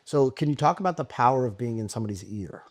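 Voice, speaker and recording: Man, mid-pitched voice, podcast host, casual, thinks aloud, lots of fillers. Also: expressive, fast talker. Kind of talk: conversational interview.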